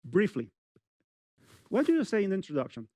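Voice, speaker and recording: A middle-aged man giving a public speaking lecture at a university, talking straight to the audience in an animated way with many "you know" fillers. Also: high voice, brisk, dry recording, clean studio sound.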